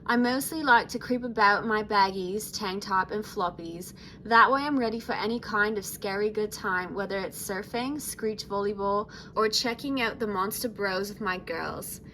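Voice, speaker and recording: A woman's voice: medium pitch, bright, forceful tone, a little hiss or hum, natural voice, poor audio. A woman voicing a laid-back teenage sea-monster surfer girl in a put-on mix of British, Australian and American accents, reading her diary aloud. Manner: breezy, chill beach talk.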